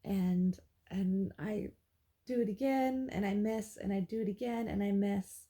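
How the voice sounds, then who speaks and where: Young woman vlogger, dark husky voice, rambling dream story. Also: medium pitch, a little slow. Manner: rambling and animated, with laughs and restarts. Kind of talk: casual dream-journal retelling.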